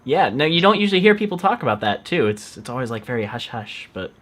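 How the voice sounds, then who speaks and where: A man's voice: mid-range voice, big pitch swings, fast talker, a bit bright. A man in the middle of his range hosts a casual online interview. He is friendly and talkative, reads out viewer questions and shares his own asides. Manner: friendly, chatty, laughs easily. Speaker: interview host.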